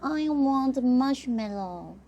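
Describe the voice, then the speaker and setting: A woman putting on a young storybook lion, his voice flying up high and squealing with greedy delight. He swoops wildly through his lines, slow and drawn out as he savours each bite, as the reader acts him out. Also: lively intonation, darkish tone, slight background noise, heavily acted. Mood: polite, puzzled. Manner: squealing, gushing, high and eager. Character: excitable young male lion, greedy for marshmallows. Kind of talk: bedtime story reading.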